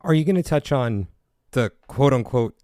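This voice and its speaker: A man's voice: medium pitch, expressive, normal speed, warm tone, no room sound. Playful male podcast host, dry sound. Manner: curious and playful, chuckling often. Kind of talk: casual conversational interview.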